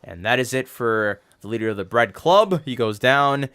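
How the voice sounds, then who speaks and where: A man's voice: medium pitch, animated, normal speed, fairly bright tone, clear, resonant tone. A man hosting a casual wrestling review podcast, rambling, laughing and cursing freely as he recaps matches. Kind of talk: casual profane chat and recap.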